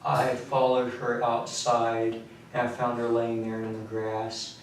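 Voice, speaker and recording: A man in a police interrogation room, recounting events flatly and matter-of-factly, his voice often trailing off low. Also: takes it slowly. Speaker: suspect confessing. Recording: echoey room, mic far off, faint noise.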